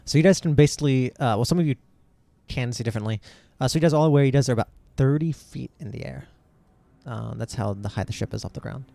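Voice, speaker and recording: Male game master, rambling narration, middle pitch, dry close recording. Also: fast, gravelly, warm tone, dry recording. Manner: rambling, lots of fillers and restarts.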